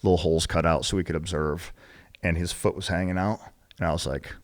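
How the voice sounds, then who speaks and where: A man in his forties with a very low voice tells stories on a podcast. His talk is casual and laced with profanity. He jumps into the voices of the people in his stories. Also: a little fast. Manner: profane, animated, acts out quoted dialogue. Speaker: podcast guest, military veteran. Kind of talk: casual storytelling.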